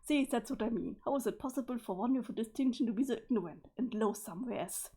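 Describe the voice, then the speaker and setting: A woman's voice: a little high, fast, mellow, husky. A woman voicing a stiff, sweaty, formal male alien troll, in a pompous and stilted manner.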